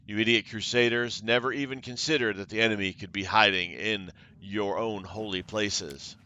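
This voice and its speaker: A man's voice: on the low side, pushed and bright, clear, resonant tone, muffled recording. A man voicing a cruel, taunting female cult leader while reading game dialogue aloud, with mocking theatrical delivery.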